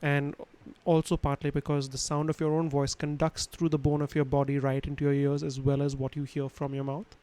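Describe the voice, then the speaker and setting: A man's voice: fairly high pitch, completely flat delivery, brisk, few pauses, dark tone, rough recording. A man teaching a livestream lesson on sound, explaining casually with many fillers and restarts, recorded at home on a studio microphone. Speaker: instructor. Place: his home room.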